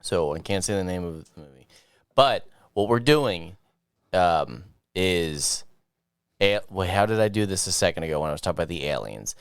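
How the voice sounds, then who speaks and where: A man's voice: low voice, lively intonation, normal speed, clear, resonant tone, no room sound, studio quality. A man co-hosting a podcast in casual chat, rambling, trailing off mid-sentence and laughing often. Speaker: podcast co-host.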